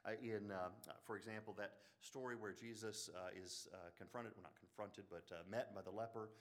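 A man with an Alabama Southern accent giving a classroom lecture on the Bible, animated, with joking asides and frequent restarts. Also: on the low side, brisk. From Birmingham, Alabama.

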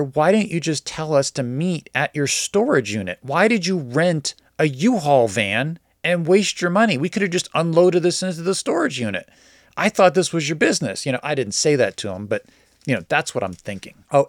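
A man's voice: fairly high pitch, no echo, clean studio sound. A man telling a story casually and with energy, acting out the lines of the people in it. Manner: animated, acts out quoted dialogue.

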